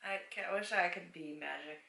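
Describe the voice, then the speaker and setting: A woman's voice: fairly low pitch, brisk, creaky, bright, forceful tone, roomy sound, recorded from a distance. A woman with a stuffy nose chatting casually with dry, laid-back remarks. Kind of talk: casual chat.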